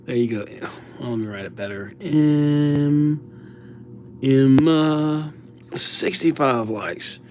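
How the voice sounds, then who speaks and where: A man's voice: fairly high pitch, slow pace, darkish tone, a little hiss or hum. A middle-aged man hosting a livestream, chatting casually and greeting viewers by name with playful nicknames. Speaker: livestream host writing viewers' names.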